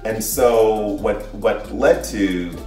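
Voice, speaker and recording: Middle-aged man, low voice, earnest and reflective storyteller; recorded off-mic in an echoey room. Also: very slow, mellow, distant mic. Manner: earnest and reflective, with frequent restarts. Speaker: guest, the host's father. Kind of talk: personal story in casual conversation. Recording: echoey room, voice off-mic, faint music behind.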